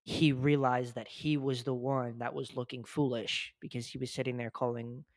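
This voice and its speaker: Deep-voiced man, chatty podcast host. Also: level tone, moderate pace, dry recording. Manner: swears freely, many "like" fillers. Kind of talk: casual chat.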